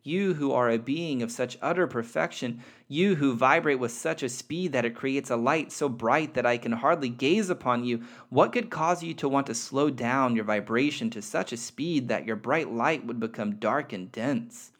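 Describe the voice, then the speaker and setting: A man's voice: medium pitch, normal speed, few pauses, fairly bright tone. A man reading the part of a small, innocent soul spirit full of eager wondering questions.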